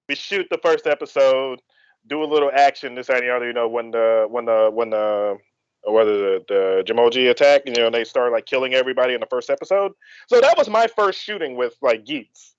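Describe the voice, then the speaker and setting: A man who is a guest actor in a live interview, telling his story in an excitable, animated way and acting out his reactions, with sudden leaps up and drops down in his voice. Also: medium pitch, moderate pace, dry recording, dull audio.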